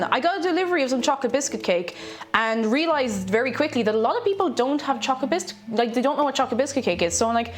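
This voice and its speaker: A woman's voice: a little high, expressive, fast. An Irish woman in casual livestream chat while cooking, chatty and self-mocking, greeting viewers by name. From Ireland. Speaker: streamer. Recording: faint background music.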